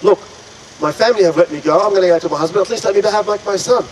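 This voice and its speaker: Guy doing a grieving young mom in a story, pleading over and over, fairly high voice. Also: very fast, a little hiss or hum, close to an everyday voice, low-quality recording. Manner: pleading, repetitive.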